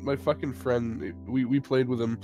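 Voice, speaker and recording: A man's voice: medium pitch, moderate pace, mellow, soft background music. A young man rambling through a story in casual chat, swearing often and poking fun at himself. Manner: rambling, swears a lot, self-mocking. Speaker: co-host of a live stream.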